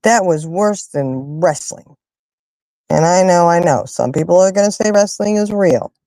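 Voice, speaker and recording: A woman hosting a casual chat with her viewers, telling stories in an animated, emphatic way and fussing loudly when annoyed. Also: lowish voice, a little slow, dry recording. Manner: animated, emphatic storyteller who rants and fusses. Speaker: livestream host chatting with viewers.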